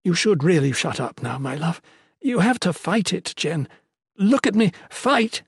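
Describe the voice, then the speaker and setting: A loving noblewoman and mother on the edge of tears, as a man puts her on. She speaks softly, pleading and urging by turns. The sound is dry and close. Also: lowish voice, sing-song, unhurried, breathy edge, no room sound, pitched above the performer's own voice, heavily acted. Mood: tearful pleading. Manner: soft, pleading, urgent.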